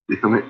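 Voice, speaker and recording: A man at home chatting casually and swearing a lot, laughing often and talking to his barking dogs. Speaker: vlogger. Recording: dull lo-fi home recording, faint noise.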